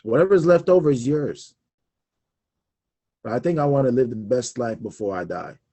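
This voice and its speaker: A young man's warm, husky, mid-range voice carries his personal finance talk show, a casual solo discussion of money. He speaks animatedly at normal speed, stressing his points emphatically, repeating key ideas, and laughing often.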